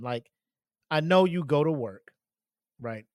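A man's voice: on the high side, sing-song, a little slow, no echo, clean studio sound. A man hosting a podcast alone, talking casually and rambling, with lots of swearing, fillers and laughter. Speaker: podcast host. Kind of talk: casual solo podcast commentary.

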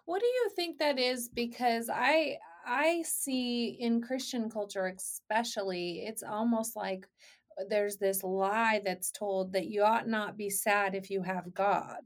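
A woman in her forties hosts a podcast in a conversational interview, her mid-range voice moving slowly. She tells stories earnestly, quotes others and asks questions.

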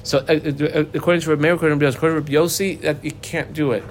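Man teaching Talmud, slightly high voice. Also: fairly even intonation, a little hiss or hum. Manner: explains Aramaic text line by line in English, fast with fillers. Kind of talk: daily Talmud lecture.

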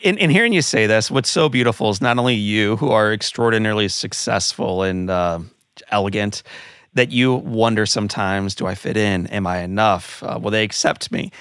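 A man's voice: fairly low pitch, moderate pace, a bit bright, clear, resonant tone, no room sound, clean studio sound. A man hosting an interview, speaking in an earnest, reflective way. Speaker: podcast host. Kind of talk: interview conversation.

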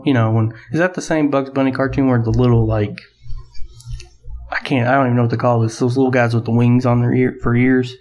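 A man's voice: mid-range voice, steady tone, brisk, a little mellow, highs cut off. A man co-hosting a podcast, paraphrasing a TV episode in rambling casual chat with jokes and swearing. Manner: rambling, joking, profane. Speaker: podcast co-host.

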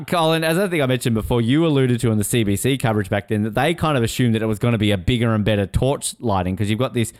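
Excitable man, smooth dry voice. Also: lowish voice, no echo. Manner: excitable, swears, acts out quotes in voices. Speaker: podcast co-host. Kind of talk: casual chat.

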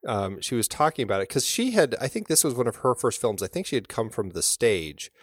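A man co-hosting a podcast, talking through a film in a relaxed, rambling way with many fillers and restarts. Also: mid-range voice, a little fast, breathy edge, no room sound, studio quality. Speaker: podcast co-host. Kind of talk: casual film discussion.

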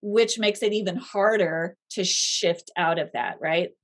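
A woman guest author in a faith-based conversation, explaining ideas thoughtfully with emphatic rises in pitch. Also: unhurried.

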